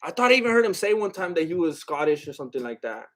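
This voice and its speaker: A man with a high voice for a man chats loosely on a live stream. He rambles, jokes and restarts his sentences as he reacts to chat. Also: big pitch swings, quick pace, fairly bright tone. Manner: rambling and joking, with lots of "like" and restarts; loose, chatty, breaks into bits of song.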